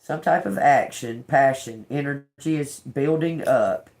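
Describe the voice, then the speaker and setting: An older woman doing a live tarot reading, talking slowly and bluntly with swearing, repeating words as she reads the cards aloud. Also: very deep voice, a little mellow. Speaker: tarot reader.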